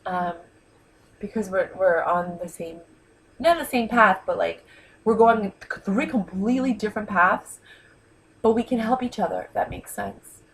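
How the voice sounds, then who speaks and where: Speaking at a medium pitch and measured pace on a rough recording, a vlogger in New York holds back tears. Her personal vlog monologue is heartfelt and meandering, filled with ums and you-knows.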